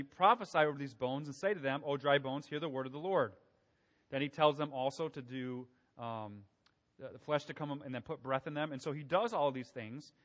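A man's voice: fairly high pitch, a bit bright. Conversational male preacher in a reverberant hall. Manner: conversational, asks the congregation questions. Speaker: pastor. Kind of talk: sermon.

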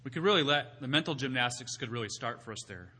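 A male pastor preaching a sermon, asking his listeners rhetorical questions and rising to loud, emphatic peaks before dropping back to quiet teaching. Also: medium pitch, lively intonation, fast talker, slightly rough. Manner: asks the congregation rhetorical questions.

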